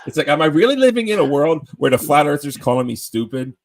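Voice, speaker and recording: A man chatting casually on a panel call, rambling and excitable, often tripping over his words. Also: on the high side, quick pace. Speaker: panel guest.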